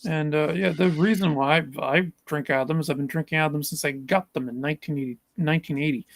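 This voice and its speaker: A man with a somewhat high voice, recorded dry and close with no room sound. He chats casually and haltingly, restarting his words as he goes. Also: fairly even intonation, gravelly, dry recording. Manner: halting, with repeated starts. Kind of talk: casual chat.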